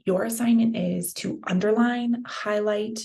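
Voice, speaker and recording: Young female language teacher, casual and encouraging, walks through steps aloud; some vocal fry. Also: mid-range voice, fairly even intonation, measured pace, dark tone. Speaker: Spanish teacher. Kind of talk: online language lesson.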